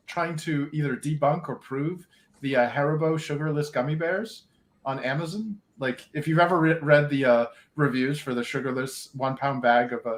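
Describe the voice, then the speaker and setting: A man co-hosting a casual podcast chat, joking and laughing as he retells a story. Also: a little high. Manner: joking, quick to laugh, tells anecdotes. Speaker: podcast co-host.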